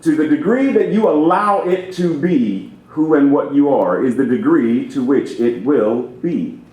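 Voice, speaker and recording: As a guest minister, a man delivers a sermon with theatrical emphasis, toying with his phrasing. His voice is on the high side and dark in tone, his pace measured, and a roomy church reverb fills the recording.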